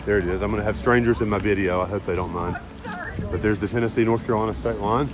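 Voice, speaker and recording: A man's voice: fairly low pitch, fairly even intonation, fast talker, music in the background, low-quality recording. A man talking to camera as a thru-hiker vlogger outdoors on a mountain trail, upbeat, grateful and chatty, recorded on a handheld phone. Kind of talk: casual outdoor vlog talk to camera.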